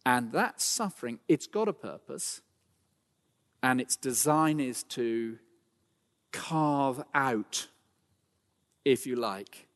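A middle-aged man delivers a church sermon, his voice pitched in an ordinary middle range. He speaks earnestly, rises to fervent emphasis, and drops in fillers and restarts. The sound carries a long reverb from a large hall. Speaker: preacher.

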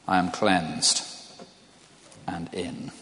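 A man's voice: sits low, level tone, extremely slow, sharp tone, slight background noise. An older man preaching a sermon in a conversational way, putting questions to his listeners. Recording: long hall reverb.

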